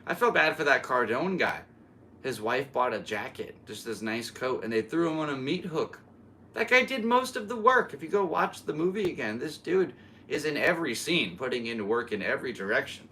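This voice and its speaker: A man's voice: mid-range voice, animated, normal speed, bright, forceful tone, slight background noise. A man who is a comedian, hosting his podcast in a casual solo chat, rambling and laughing as he talks. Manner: rambling, laughs often, restarts a lot.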